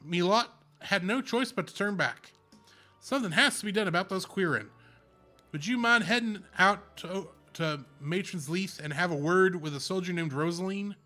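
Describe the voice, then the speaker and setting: A man's voice: high-pitched, moderate pace, sharp tone, faint music behind. A man voicing a distraught female chocobo wrangler from a game, in a put-on Irish accent, stumbling over the lines. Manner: brogue-heavy, flustered, stumbles over lines.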